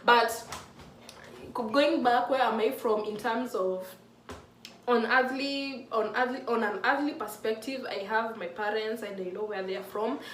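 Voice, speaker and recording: Slightly high and a bit bright, this mid-twenties woman's voice moves a little slowly with fairly even intonation as she vlogs casually about her faith. She speaks earnestly and emotionally to camera, restarting often. A faint hiss or hum sits under the echoey, distant-mic recording.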